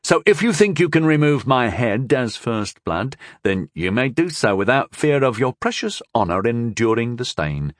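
A man's voice: mid-range voice, sing-song, moderate pace, hardly any pauses, no room sound, clean studio sound, natural voice. A man voicing a cocky young male knight mage who talks in a smug, goading way.

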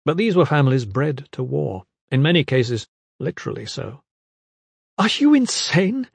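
Brief: male audiobook narrator, measured dramatic delivery, middle pitch, dead-dry booth sound. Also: lively intonation, vocal fry, slightly rough, no room sound. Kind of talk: scripted fantasy narration.

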